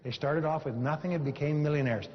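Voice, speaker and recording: A man's voice: on the high side, fast talker. A man giving a live motivational seminar speech to an audience, emphatic and repeating lines for effect, telling a story with animation. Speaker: motivational speaker. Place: seminar hall before an audience. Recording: echoey hall, dull lo-fi sound.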